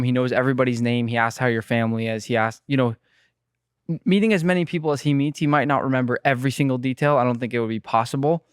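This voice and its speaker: A man in his twenties, a guest chef, telling rambling, animated stories in a casual podcast interview. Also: mid-range voice, clean tone, dry recording, clean studio sound.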